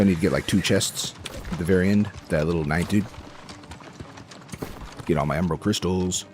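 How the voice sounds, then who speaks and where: A man giving casual, excitable commentary while playing a game, joking and talking to himself and the game. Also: low voice, vocal fry. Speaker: gameplay streamer.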